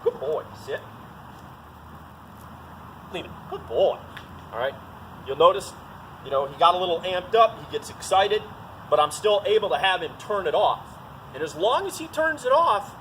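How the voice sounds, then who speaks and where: A man's voice: moderate pace, long pauses. A man demonstrating dog training outdoors, explaining drills and giving short commands and praise to his dog. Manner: instructive, breaks into high excited praise for the dog. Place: outdoors in a field. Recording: noisy outdoor recording.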